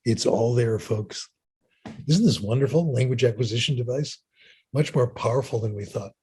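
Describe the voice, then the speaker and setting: A man's voice: mid-range voice, moderate pace, a little mellow, husky. An older man giving a lecture and answering audience questions, chatty and storytelling, often asking "okay?". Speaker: linguist giving a talk.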